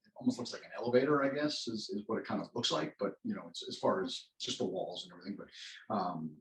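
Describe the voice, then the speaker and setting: A man's voice: on the low side, expressive, fast talker, a bit bright. A man, an actor being interviewed, talks in a casual, rambling way with many restarts and self-corrections. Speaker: actor guest. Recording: roomy echo.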